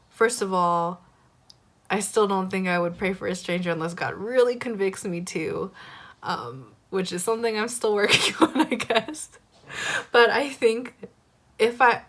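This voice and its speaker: A woman's voice: fairly low pitch, fairly bright tone. A young woman sharing a personal faith testimony in a candid, rambling way, with frequent fillers and self-conscious laughter. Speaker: church member sharing a devotional.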